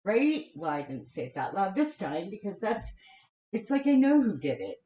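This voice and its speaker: A woman's voice: mid-range voice, very animated, normal speed, dark tone. Profane, fuming woman ranting in an echoey room. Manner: profane, heated and venting, with sighs. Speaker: vlogger. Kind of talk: angry live-stream rant. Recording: roomy echo.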